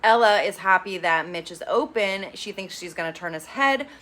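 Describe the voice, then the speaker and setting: Bright-voiced sassy woman recapping. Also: medium pitch, lively intonation. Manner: sassy, opinionated asides; quotes people in quick impressions. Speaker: reality show recap vlogger. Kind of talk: casual recap chat.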